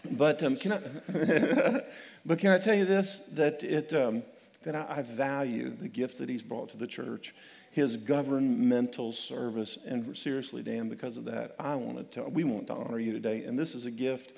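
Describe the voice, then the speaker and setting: A man's voice: mid-range voice, steady tone, moderate pace, vocal fry, a little mellow, in a large hall. A man preaching a sermon as pastor, emphatic and humorous, often repeating words and calling for amens. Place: church sanctuary.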